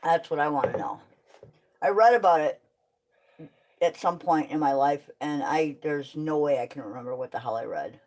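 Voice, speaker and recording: A woman's voice: low-pitched, moderate pace, a little mellow. A woman chatting frankly while doing farm chores, tired and swearing casually. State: tired, with back pain. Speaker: kennel owner doing chores.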